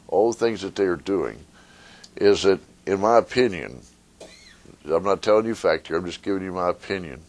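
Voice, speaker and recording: Man, attorney, lowish voice, conversational public talk, lively when telling stories. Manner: conversational, retells a fable with rising animated voices. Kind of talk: public talk to a live audience. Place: meeting room with an audience.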